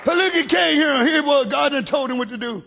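High, gravelly shouting male preacher. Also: animated, a little fast, crowd noise, background noise. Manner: shouting, call-and-response hallelujahs; colloquial, folksy speech. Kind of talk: sermon.

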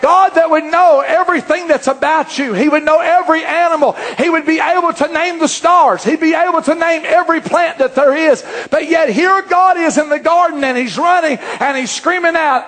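A man preaching a fervent sermon, often rising to shouts. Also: very high voice, normal speed, few pauses.

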